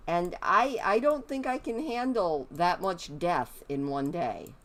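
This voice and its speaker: A woman's voice: on the low side, expressive, slow pace, hardly any pauses, a bit bright. A woman streaming a life-sim game, chatting as she plays and talking to her characters. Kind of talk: live gameplay commentary.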